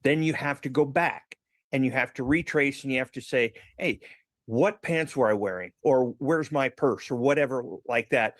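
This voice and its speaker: A man's voice: medium pitch, moderate pace, no room sound. A man giving commentary as a guest analyst, patiently explaining things step by step through everyday analogies.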